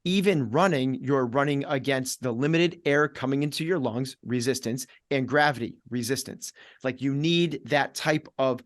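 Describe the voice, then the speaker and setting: A middle-aged man talks as a fitness coach on a podcast, hammering points home in short, repeated beats. He slips into quick acted-out asides. His voice sits at an ordinary pitch for a man, and the recording is close and dry with no room echo. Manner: energetic, acts out inner voices in quoted asides; repetitive, punchy coaching delivery. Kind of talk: podcast conversation.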